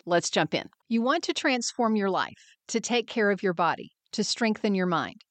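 Woman podcast host, mid-pitched, encouraging and upbeat, dry close-mic sound. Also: expressive, moderate pace, no echo. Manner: upbeat, encouraging, acts out quoted voices. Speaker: podcast host and wellness mentor. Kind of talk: scripted podcast monologue.

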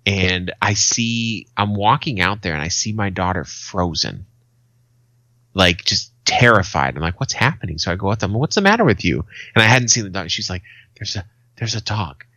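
Male podcast co-host, thirties, swearing storyteller, bright edgy tone, dry close sound. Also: sits low, normal speed, no room sound, lo-fi sound. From Arizona, USA. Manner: swearing, storytelling with acted quotes. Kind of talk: casual chat.

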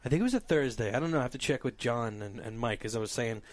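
A man hosting a casual podcast, telling animated stories and laughing often. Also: mid-range voice, fast talker. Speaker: podcast host. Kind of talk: casual storytelling chat.

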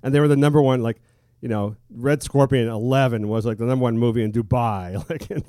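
A man's voice: mid-range voice, steady tone, fairly quick, warm tone, no echo, studio quality. A man hosting a podcast, chatting casually in rambling bursts, often laughing and swearing loosely. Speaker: podcast host.

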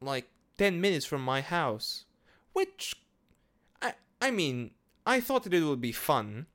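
Slow, rambling man. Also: fairly high pitch, sing-song, a bit bright. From Portugal. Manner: rambling, hesitant, lots of fillers and swearing. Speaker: podcast host. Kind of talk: casual monologue.

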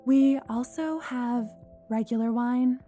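Narrator putting on a deadpan, sardonic young woman, slightly higher. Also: slow, faint music behind. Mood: wry. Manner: wry, deadpan, muttering. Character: dry, pointed petite young woman.

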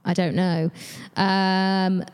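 A woman's voice: mid-range voice, level tone, drawn-out words, smooth, long reverb tail. Giggly young London woman, chatty. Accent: London English. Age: young adult. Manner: giggly, chatty, self-deprecating. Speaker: guest, musical theatre actor. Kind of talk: casual chat.

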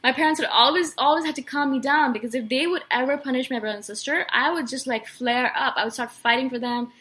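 A young woman with a slightly high voice talks casually and earnestly to her listeners. She tells a personal story in an animated way, with many fillers and restarts along the way. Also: quick pace. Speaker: personality podcast host.

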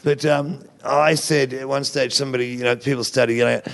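A man's voice: medium pitch, steady tone, a little fast, creaky, fairly bright tone. An Australian man, a guest comedian, telling rambling, profane stories in casual podcast talk and laughing through them.

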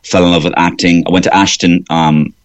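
A man's voice: low-pitched, brisk. A man from Waterford with an Irish accent, a comedian rambling animatedly in a radio studio interview. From Waterford, Ireland. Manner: rambling, animated storyteller, slips into voices. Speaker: guest comedian.

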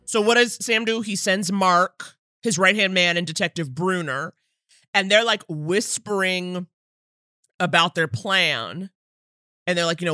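A woman co-hosting a casual podcast, breaking down a film with big animated energy. Her voice is bright and forward, and she keeps acting out what the characters said. The mic is close with no room sound. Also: lowish voice, moderate pace, no echo. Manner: animated, laughing, acts out characters' lines. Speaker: podcast co-host. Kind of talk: casual chat recapping a film.

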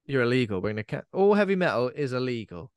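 A man's voice: medium pitch, sing-song, fast talker, clean tone, dry recording, clean studio sound. A man co-hosting a horror film podcast, chatting in a rambling, easygoing way and laughing often. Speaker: podcast co-host. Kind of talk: casual film chat.

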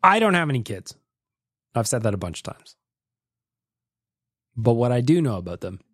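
A man's voice: mid-range voice, no room sound, clean studio sound. A man hosting a casual podcast, joking, swearing and laughing as he reacts to listener voicemails. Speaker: podcast host.

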